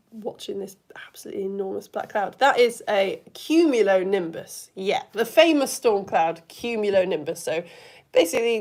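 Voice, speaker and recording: A woman teaching a live online science lesson in a chatty, enthusiastic way, asking the viewers questions as she goes. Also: mid-range voice.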